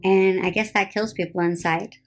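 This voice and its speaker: A woman's voice: mid-range voice, fairly even intonation, moderate pace. New Jersey woman, 30s, tired and sarcastic, rambling phone-live chat with faint background music. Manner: rambling, heavy "like" fillers, sarcastic. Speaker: reality TV personality on a live stream. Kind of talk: casual live-stream chat.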